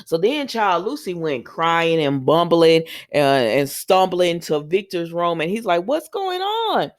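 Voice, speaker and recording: A woman's voice: lively intonation, a little slow. Chatty woman recapping her soap, lots of um and you know, jumps way up when she quotes people. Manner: chatty retelling, acts out quotes with big pitch jumps; says "um" and "you know" a lot. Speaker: soap opera recap vlogger. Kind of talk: casual chat.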